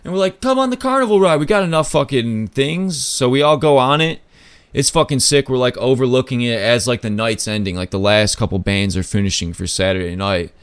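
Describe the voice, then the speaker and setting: A man at a middle pitch tells a story in a relaxed, rambling way, leaning hard on "like" and casual swearing. He jumps up in pitch when he acts out what other people said. The sound is dry and close, with no room around him. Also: fairly quick, clear, resonant tone, no room sound. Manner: loose, filler-heavy talk with lots of "like" and swearing. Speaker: podcast host.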